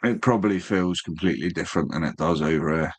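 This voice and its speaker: A man's voice: deep voice, fast talker, husky. A man chatting casually as a stream host, laid-back, swearing freely and calling people mate. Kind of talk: casual chat.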